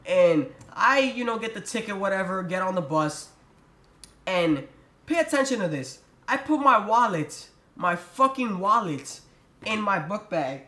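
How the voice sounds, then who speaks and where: A man's voice: high-pitched, animated, unhurried, pushed and bright. A young man telling a storytime vlog in a profane, exasperated rant. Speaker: vlogger. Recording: roomy echo.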